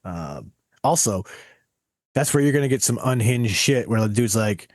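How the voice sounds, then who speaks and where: A man co-hosting a podcast in casual chat, telling profane, animated stories. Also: mid-range voice, normal speed, no echo, clean studio sound. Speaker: podcast co-host.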